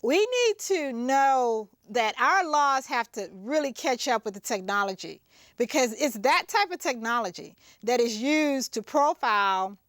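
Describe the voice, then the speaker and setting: A woman lawyer, a guest on a talk show, explaining a point in an earnest, deliberate way. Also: a little high, fairly bright tone, no room sound, clean studio sound.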